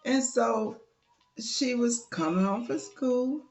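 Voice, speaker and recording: A woman's voice: fairly high pitch, takes it slowly, darkish tone, soft background music. Chatty woman telling a story. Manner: chatty, loose, full of "you know". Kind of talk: casual oral storytelling.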